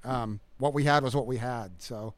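A middle-aged man talking as a guest musician in a casual interview, halting with many fillers and restarts. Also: mid-range voice, no echo.

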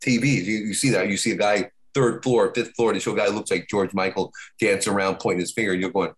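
Rambling, halting middle-aged man. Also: fairly low pitch, steady tone. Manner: rambling, halting storyteller with many restarts. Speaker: podcast co-host. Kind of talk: casual chat.

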